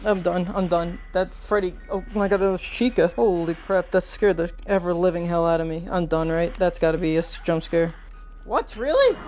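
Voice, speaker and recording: A woman's voice: lowish voice, level tone, moderate pace, darkish tone, faint music behind. A woman hosting a gaming channel, reacting live to a horror game in casual slang, with frequent frightened exclamations and outbursts. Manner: talks to chat, casual slang.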